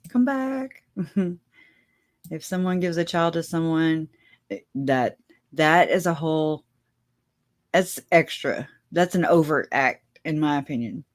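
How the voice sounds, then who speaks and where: A woman's voice: deep voice, slow, pauses often. A woman hosting a casual livestream, chatting with her viewers and laughing often as she talks. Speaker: livestream host.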